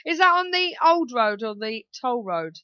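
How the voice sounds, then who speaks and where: A woman's voice: a little high, big pitch swings, normal speed, pushed and bright, smooth, no echo, lo-fi sound. A woman from southern England hosting a community radio talk show, chatty and laughing often. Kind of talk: casual radio chat.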